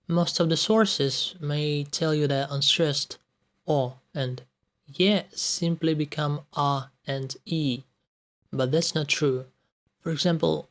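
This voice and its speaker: Man, language teacher, slow and deliberate, example words spaced out one by one. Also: a little high, a bit bright. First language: Russian. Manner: measured, says each example word on its own. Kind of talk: scripted explanatory lesson with example words.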